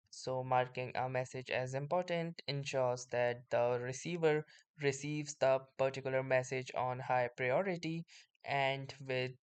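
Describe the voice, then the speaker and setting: A man hosting a screen-recorded software tutorial, explaining steps in a steady way and starting many sentences with "so". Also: medium pitch, clear, resonant tone. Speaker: tutorial host.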